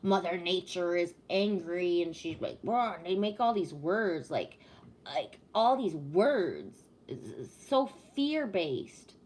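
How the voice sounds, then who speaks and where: A woman's voice: animated, takes it slowly, a little mellow. A woman chatting casually on a live stream, reading viewer comments and ranting with plenty of swearing. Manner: swears a lot, rants with rising pitch; talks to chat, reads comments aloud.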